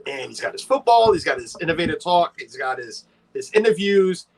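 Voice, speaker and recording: A man's voice: on the high side, big pitch swings, a little fast, vocal fry. A man hosting a casual livestream, chatty and playful, greeting viewers by name and teasing his co-host.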